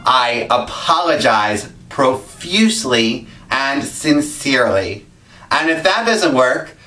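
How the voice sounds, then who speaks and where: A man hosting a web series, telling self-deprecating comic stories full of pop culture jokes. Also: a little high. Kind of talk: comic monologue. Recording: echoey room, distant mic, music underneath.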